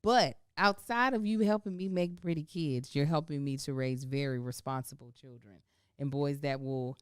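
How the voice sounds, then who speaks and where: Smooth, low-voiced woman chatting candidly. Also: moderate pace, no room sound, clean studio sound. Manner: candid, reflective, often laughing. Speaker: podcast co-host. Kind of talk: casual chat.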